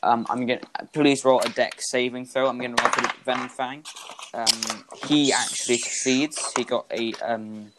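A man narrating a tabletop game as game master for a podcast, in a loose, rambling way full of fillers and sudden loud bursts. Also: mid-range voice, steady tone, normal speed, noisy background.

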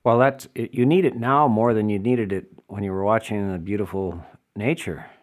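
A man's voice: lowish voice, moderate pace. A man giving a dharma talk as a Buddhist teacher, explaining emphatically and answering listener questions with rhetorical asides.

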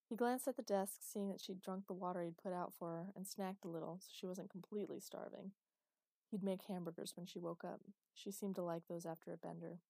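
A woman narrating an audiobook with steady, expressive storytelling. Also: fairly low pitch, brisk, creaky, no room sound, studio quality.

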